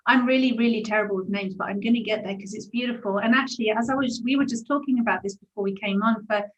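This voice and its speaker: A woman in her forties with a Brighton English accent, hosting a casual interview and speaking in a gushing, affectionate, spiritual way. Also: mid-range voice, fast, roomy sound, muffled recording. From England. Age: 40s. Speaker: host.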